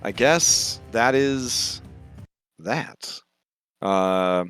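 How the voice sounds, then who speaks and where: Slow, gravelly-voiced man running a tabletop game; bright, dry delivery, soft music underneath. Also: on the low side, expressive, dry recording. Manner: slow, halting narration with fillers. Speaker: game master.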